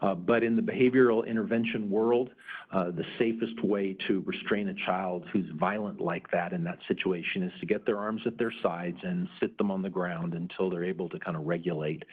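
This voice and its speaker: Middle-aged male presenter, earnest storyteller, deep and husky, thin phone-like recording. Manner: earnest, frequent "uh" fillers. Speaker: conference presenter. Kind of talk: storytelling talk. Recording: narrow phone-like sound.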